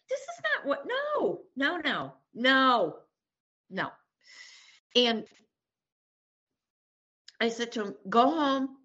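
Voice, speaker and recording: A woman's voice: on the high side, sharp tone, slightly rough, lo-fi sound. A middle-aged woman telling her own recovery story as an interview guest, candid and blunt, acting out past conversations and swearing freely.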